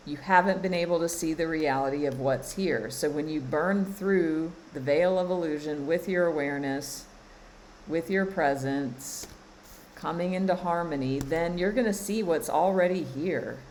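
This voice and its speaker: A spiritual coach and card reader guides her listeners during a live stream, speaking emphatically, repeating phrases, and laughing often. Her low, darkish voice moves at normal speed, and the rough recording has slight background noise.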